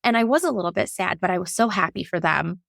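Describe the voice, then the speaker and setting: A woman's voice: lowish voice, fast, creaky, dry recording, studio quality. A woman, a labor and delivery nurse, tells her own story frankly and emotionally, with many restarts. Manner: slips into animated voices when quoting herself. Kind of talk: candid personal storytelling.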